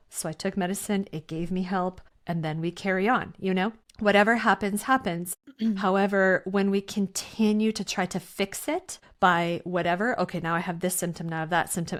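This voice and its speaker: A woman guest in a podcast interview, speaking at a middle pitch. She talks earnestly and reads items aloud slowly, one by one. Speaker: guest, workshop teacher.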